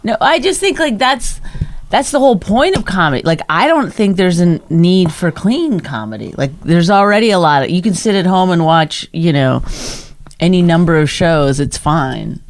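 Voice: mid-range voice, animated, moderate pace. Teasing filler-heavy comedian. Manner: teasing, filler-heavy, lots of "like" and "you know". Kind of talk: casual podcast chat.

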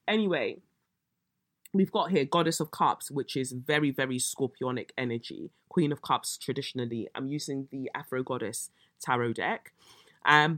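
A woman, hosting a casual solo podcast, a little croaky, telling stories with swearing and dramatic outbursts. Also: extremely low pitch, dry recording, clean studio sound. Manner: animated storytelling, swearing, bursts of exaggerated shrieking. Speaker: podcast host.

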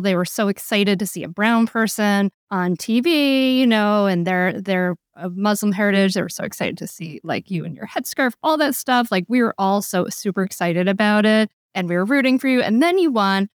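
A woman's voice: medium pitch, no echo, studio quality. A woman hosting a podcast interview, talking with eager enthusiasm and saying "like" often. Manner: enthusiastic, gushing, says "like" a lot. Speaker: podcast host.

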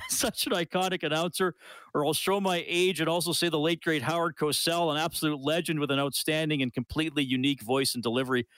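A man's voice: a little high, fairly even intonation, fast, hardly any pauses, a bit bright, no echo. A man hosting a sports talk radio show, reading listener messages aloud in a chatty way and laughing now and then. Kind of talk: casual call-in sports radio chat. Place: radio studio. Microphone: studio microphone.

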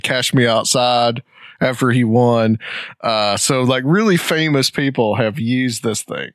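Man, podcast co-host, casual storytelling with jokes and laughs, mid-pitch voice, dry close mic. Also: fairly bright tone, no echo. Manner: jokey, tangent-prone, laughs often. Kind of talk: casual chat.

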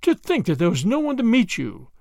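A man's voice: sits high, wildly swooping pitch, a little fast, creaky, dry recording, clean studio sound, pitched above the performer's own voice, full character voice. Man doing a matter-of-fact grown son. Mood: steady. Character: grown son, a plain-spoken country man.

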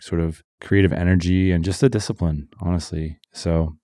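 A man's voice: sits low, fairly even intonation, moderate pace, dark tone, dry recording. A man being interviewed in an office, chatting casually about his business with dry humor. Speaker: guest entrepreneur.

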